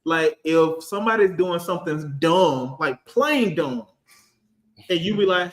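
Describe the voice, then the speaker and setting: A man in his thirties, a finance professional on a casual panel, talking in an animated, storytelling way. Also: fairly high pitch, a little slow, roomy sound. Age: 30s. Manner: animated, storytelling, acts out quotes.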